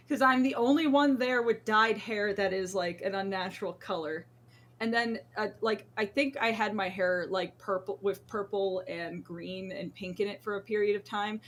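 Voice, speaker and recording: A woman's voice: medium pitch, normal speed. A woman hosting a podcast in casual chat, a jokey, self-deprecating storyteller. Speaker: podcast host.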